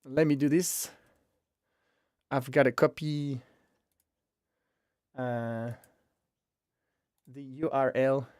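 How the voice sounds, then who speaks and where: A man's voice: mid-range voice, steady tone, very slow, long pauses, darkish tone, dry recording, studio quality. A man hosting a live stream from home, chatting casually and rambling with self-amused asides while he sets things up, speaking into a headset mic. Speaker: livestream host. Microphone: headphones with mic.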